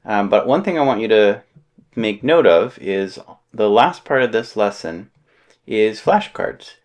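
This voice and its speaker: Man, low voice, casual teacher, relaxed explanations, lots of ums and uhs. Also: a little slow. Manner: relaxed, explanatory, with frequent fillers. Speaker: language teacher. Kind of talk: casual spoken lesson.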